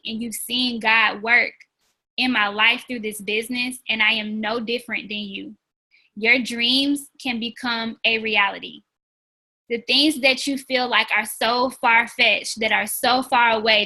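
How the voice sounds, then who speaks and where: The audio is poor, but you can hear a woman's slightly high, sharp voice as she leads a business team call. She's earnest and chatty, full of "um" and "like," and keeps calling the group "y'all" in her motivational talk.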